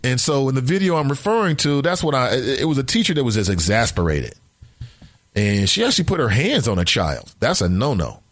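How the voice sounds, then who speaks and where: Animated male podcast host, dry mic. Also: medium pitch, fairly quick, no room sound. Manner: animated, emphatic, repeats lines for effect. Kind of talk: opinionated talk podcast monologue.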